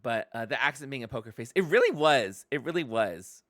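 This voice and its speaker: A woman streaming a video game, chatting excitedly with her viewers and laughing often. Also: rumbling low, fairly quick, dry recording, clean studio sound. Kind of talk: casual live-stream commentary.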